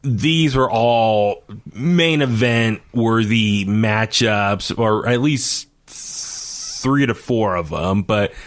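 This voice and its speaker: A man's voice: fairly low pitch, extremely slow. Middle-aged male podcast co-host, loose rambling delivery, lots of fillers. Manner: rambling, searches for names, many fillers. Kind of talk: casual wrestling review chat.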